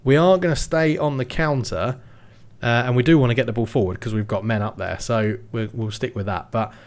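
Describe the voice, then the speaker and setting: A young man giving lively commentary on his football management game, shouting when goals go in. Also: mid-range voice, fairly quick. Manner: excitable play-by-play, shouts at goals. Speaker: gaming YouTuber.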